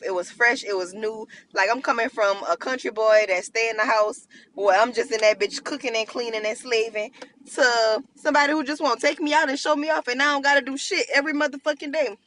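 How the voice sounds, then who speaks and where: A woman's voice: on the high side, fairly even intonation, a little fast, fairly bright tone, a little hiss or hum. A woman telling a storytime about her marriage in brash, slangy casual talk, speaking straight to her listeners.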